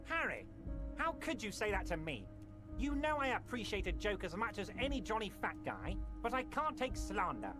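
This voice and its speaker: A man puts on a jovial, oily union boss from a video game. The voice sits high and swings widely as he soothes with mock concern. Game music plays clearly underneath. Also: wildly swooping pitch, moderate pace. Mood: wounded. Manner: smooth, mock-caring, falsely reassuring. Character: smug jovial male union boss, middle-aged. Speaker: player voicing game characters.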